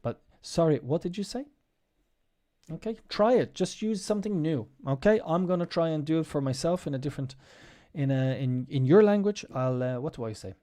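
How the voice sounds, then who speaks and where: A man's voice: fairly high pitch, lively intonation, fairly quick, few pauses, mellow. A man teaching English in a casual spoken lesson. He explains patiently and repeats example phrases with strong intonation. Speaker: podcast host.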